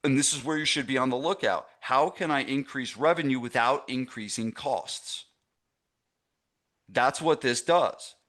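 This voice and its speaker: A middle-aged gym business coach, measured in pace and fairly bright in his mid-range voice, teaches gym owners in a live online masterclass. He underlines his points and checks in with those watching.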